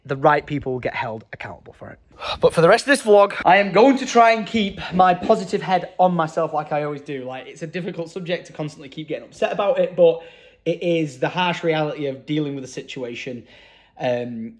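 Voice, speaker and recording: A man's voice: a little high, expressive, brisk, no echo. A young man, talking casually and emotionally to camera in a vlog, earnest and full of fillers. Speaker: vlogger.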